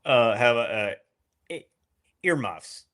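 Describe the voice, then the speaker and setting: A man's voice: mid-range voice, animated, measured pace, a bit bright. A man co-hosting a podcast in casual comedic chat, laid-back and laughing often. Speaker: podcast co-host.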